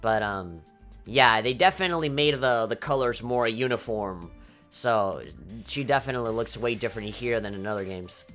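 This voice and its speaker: A woman with a low, bright-edged voice talks through a game in loose, casual commentary. She swears freely and keeps flaring up in playful mock outrage. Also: normal speed, soft background music. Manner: animated, swears often, mock-indignant outbursts. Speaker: let's play commentator.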